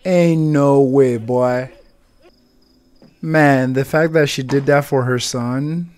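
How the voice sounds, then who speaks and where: A woman's voice: extremely low pitch, steady tone, slow, a little mellow. A woman hosting a casual movie reaction, chatting along and repeating lines from the film.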